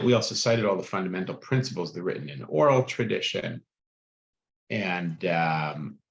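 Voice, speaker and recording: Deep and marked by vocal fry, a man's voice carries a text-study class as he reads passages out loud and explains them conversationally, often adding "right?" The room sounds echoey and the audio is muffled.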